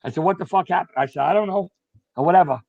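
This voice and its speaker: A man's voice: sits high, quick pace, dry recording. A middle-aged man, a retired firefighter telling stories bluntly and profanely as a podcast guest. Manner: blunt, profane, animated storyteller. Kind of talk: casual storytelling. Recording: dull, dry lo-fi sound.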